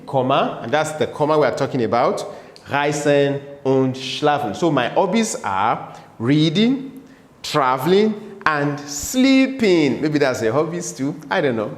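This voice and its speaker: Slow, lively-pitched male teacher. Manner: patient, repeats each word slowly for learners. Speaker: language teacher. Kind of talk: slow classroom-style German lesson explained in English. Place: room with a board. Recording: echoey room with long reverb.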